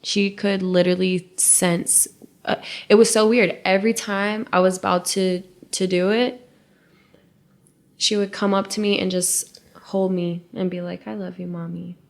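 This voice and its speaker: A young woman co-hosting a podcast, telling a painful personal story in a halting, emotional way that drops to a hush at hard moments. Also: medium pitch, flat delivery. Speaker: podcast co-host.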